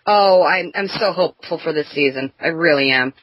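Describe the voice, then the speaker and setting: A woman's voice: low voice, a little fast, fairly bright tone, a little hiss or hum, rough recording. A woman guest on a casual podcast, chatty and laughing often, tired from little sleep.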